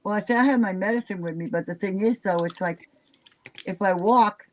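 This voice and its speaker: In a medium-pitched voice that runs a little fast, an older woman chats casually on a live stream. She sounds drained, rambles, and trails off with fillers, all on poor audio.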